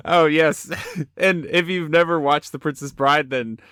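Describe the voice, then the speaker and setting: A man's voice: fairly high pitch, fairly even intonation, a little slow, pushed and bright, clear, resonant tone, no room sound. Young man, podcast host, joking, upbeat, dry close sound. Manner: upbeat, joking, laughs often. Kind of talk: casual Christian podcast chat.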